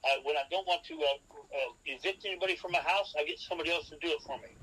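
A man with a bright, forceful voice pitched a bit high for a man teaches real estate on a podcast. He works through numbered rules and keeps asking his listener whether he follows. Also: very fast, slight background noise, poor audio. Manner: instructive, lays out numbered rules and checks in with "okay?". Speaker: real estate expert guest. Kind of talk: podcast interview, seminar-style advice.

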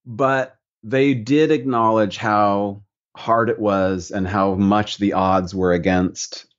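A man from the United States speaks as a podcast guest, slow to reflect and easy in his storytelling. His voice sits a little low. The recording sounds muffled and lo-fi. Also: fairly even intonation. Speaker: guest painter. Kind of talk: relaxed podcast conversation.

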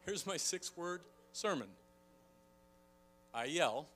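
A man preaching with a high, lively voice that swoops up and down as he acts out a story. His tone is very bright and cutting, and soft music plays underneath. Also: normal speed. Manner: animated storytelling, acting out shouts. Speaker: pastor. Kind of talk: sermon. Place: church.

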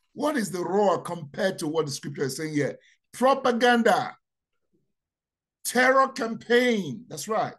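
A man preaching a sermon, repeating key phrases and asking rhetorical questions, dropping to quiet asides then rising to loud proclamations. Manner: dramatic, swings from low asides to loud proclamations.

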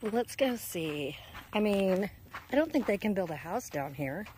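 A woman's medium-pitched, slightly mellow voice is animated yet measured in pace, with a little hiss or hum. She's vlogging casually into a handheld phone camera while walking outdoors on a neighborhood road, slightly breathless.

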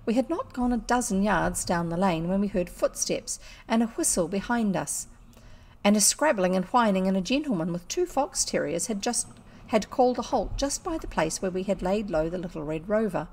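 A woman with a New Zealand accent, reading a classic children's story aloud in an expressive, measured way. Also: mid-range voice. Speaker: audiobook reader. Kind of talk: storybook narration.

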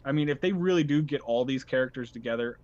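A man's voice: medium pitch, fast, darkish tone, muffled recording. A man co-hosting a podcast in casual chat, talking in an enthusiastic, rambling way with frequent restarts. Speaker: podcast co-host.

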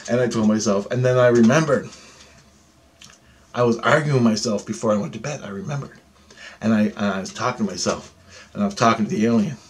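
A man telling a story about alien contact, swearing heavily, agitated and animated. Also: on the low side, fairly quick, long pauses, slight background noise. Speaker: self-described alien contactee. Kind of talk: storytelling monologue.

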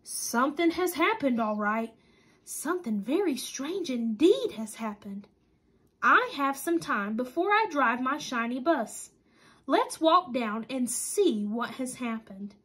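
Woman doing a calm fatherly civet papa. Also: sits high, slow pace, husky, heavily acted.

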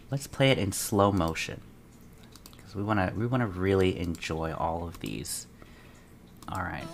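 A man reacting to a trailer as an excited fan, muttering asides and breaking into dramatic outbursts. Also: deep voice, unhurried, vocal fry, soft background music. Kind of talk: casual reaction commentary.

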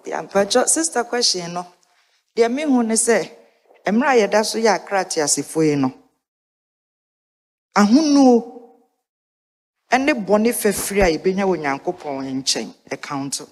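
A woman of middling pitch speaks earnestly on a church lesson panel, repeating phrases to press her point. She is from Ghana. Her voice rings with the long reverb of a church hall. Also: expressive, unhurried, long pauses, darkish tone. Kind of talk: panel Bible lesson discussion. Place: church sanctuary during a livestreamed service.

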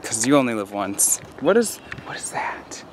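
Out on a nature trail, a twenty-something man rambles through a joking vlog, goofing around and poking fun at himself. He speaks at normal speed in a sing-song, medium-pitched voice, with noise around him.

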